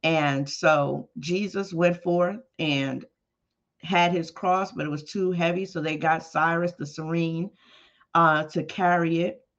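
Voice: medium pitch, fairly even intonation, slow, fairly bright tone. A preacher retelling a story in a conversational sermon, with emphatic exclamations. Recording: dull lo-fi podcast audio.

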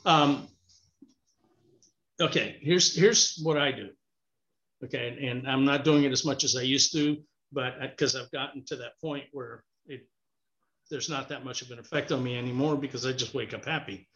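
A man's voice: mid-range voice, moderate pace, fairly bright tone. A man talking casually and encouragingly, often repeating himself and saying "you know". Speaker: interview guest. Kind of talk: casual advice conversation. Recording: dull lo-fi sound.

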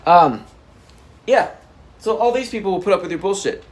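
A man ranting to camera as a motivational vlogger, blunt and profane, with sudden loud bursts. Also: high-pitched, animated, moderate pace, a little hiss or hum. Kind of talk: unscripted motivational rant to camera. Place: indoors by a whiteboard. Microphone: camera framing him at a whiteboard.

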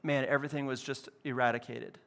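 A man pastor preaching a lively, conversational sermon in a church. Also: mid-range voice, fast talker, gravelly. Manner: conversational, animated preaching with casual asides. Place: church building.

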